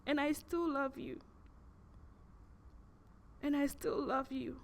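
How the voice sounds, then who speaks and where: A woman voicing the soft, caring voice of God. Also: high voice, steady tone, slow pace. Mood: tender. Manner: tender, pleading, repeats phrases.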